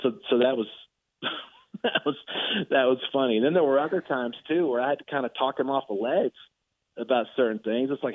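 A man, a sportswriter guest, telling anecdotes in an animated way with frequent laughter. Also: mid-range voice, brisk, no room sound. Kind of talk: casual storytelling. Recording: tinny phone line.

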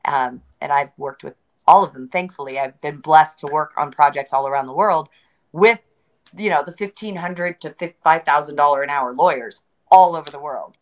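An emphatic woman guest in a casual interview, with a voice sitting a little low for a woman. She hammers points home by repeating words, and she slips in wry jokes along the way. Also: moderate pace. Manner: joking, conversational. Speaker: interview guest, crypto entrepreneur.

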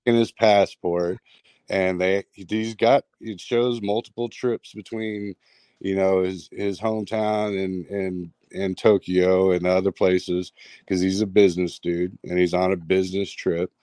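A guest storyteller with a low-pitched voice recounts a strange tale in an unhurried, rambling, casual way. His animated retelling is heavy with fillers and restarts, and there's no echo.

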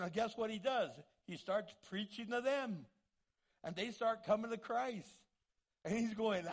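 A man preaching a sermon, emphatic and full of repeated rhetorical questions. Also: high-pitched.

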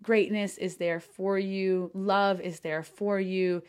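A woman coach talks alone on her podcast at a middle pitch for her sex. She gushes and swears casually, and she fills her speech with "like" and restarts. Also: little pitch movement, takes it slowly, a little mellow, clear, resonant tone. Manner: effusive, swears casually, lots of "like" fillers. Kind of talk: excited solo podcast talk.

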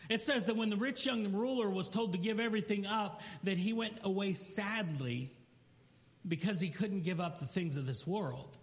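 A man's voice: high-pitched, moderate pace. A man preaching a sermon, telling stories and acting out quotes and everyday asides. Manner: storytelling preacher who acts out quotes and asides. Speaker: pastor. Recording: long hall reverb.

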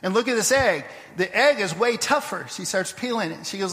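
High-voiced pastor preaching in a reverberant church. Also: male voice, animated, a little fast, pushed and bright. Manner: conversational preaching, storytelling with restarts. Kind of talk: sermon. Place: church sanctuary.

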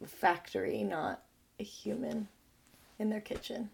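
A woman's voice: medium pitch, vocal fry, a little mellow, breathy edge. Chatty woman co-host reacting. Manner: quick reactions, laughs along, chatty. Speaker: podcast co-host. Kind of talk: casual chat.

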